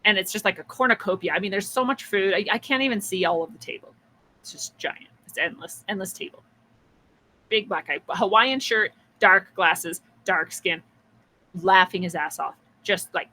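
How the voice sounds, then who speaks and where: A woman's voice: mid-range voice, normal speed, sharp tone, poor audio. A woman hosting a podcast, musing through a spiritual story in a chatty way, with frequent laughs and restarts. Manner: acts out quoted voices. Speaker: podcast host.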